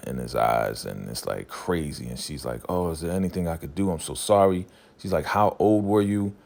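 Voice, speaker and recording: A man's voice: sits low, darkish tone. A man casually recapping a TV drama episode, animatedly retelling scenes and paraphrasing characters' lines. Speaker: recap reviewer.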